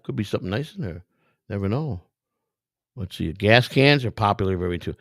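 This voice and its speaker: Middle-aged host, gravelly and streetwise, rambling profane commentary, dry close sound. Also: male voice, lowish voice, lively intonation, brisk, fairly bright tone, no room sound. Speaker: vlog host browsing storage auctions. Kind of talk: casual commentary.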